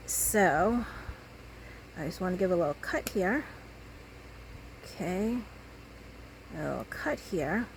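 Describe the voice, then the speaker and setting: A woman's voice: on the low side, lively intonation, slow pace, pauses often, a little hiss or hum, low-quality recording. A woman making a craft video, chatting casually to herself and the viewer as she cuts and glues. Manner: chatty, talks to herself while working. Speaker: crafting vlogger.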